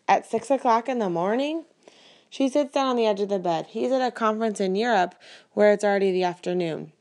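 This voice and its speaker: A woman reading a first-person novel aloud in an even, measured storytelling way. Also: mid-range voice. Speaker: reader.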